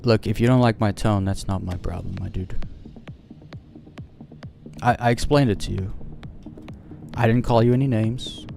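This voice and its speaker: A man's voice: on the low side, normal speed, creaky, long pauses, warm tone, soft background music. A man streaming a game live, chatting casually and shrugging off criticism with a laugh. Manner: casual and dismissive, laughing things off.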